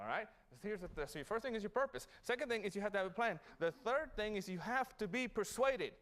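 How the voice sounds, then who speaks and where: Man, motivational graduation speaker, slightly high voice, animated storytelling, questions to the audience. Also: fast, hardly any pauses. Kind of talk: motivational speech. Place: city hall event.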